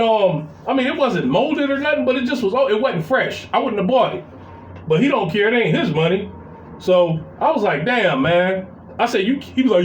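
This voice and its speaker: Brief: middle-aged man, high voice, profane rambling rant, roomy echoey room. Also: animated, moderate pace, a little hiss or hum. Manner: profane, rambling, full of fillers and repeats. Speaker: vlogger venting about family. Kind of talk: casual storytelling rant. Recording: roomy echo.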